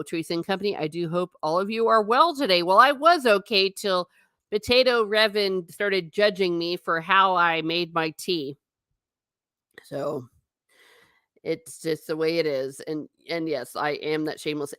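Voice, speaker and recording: A woman's voice: fairly low pitch, fairly bright tone, no room sound, studio quality. A woman vlogger chatting casually with her viewers, giggly and self-mocking. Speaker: travel vlogger reading live chat. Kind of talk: casual live-stream chat.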